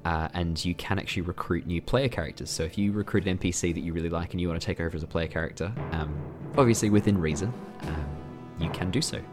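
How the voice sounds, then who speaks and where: A man acting as game master, narrating a tabletop game in a relaxed, chatty way and laughing often. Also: deep voice, fast talker, hardly any pauses, over music.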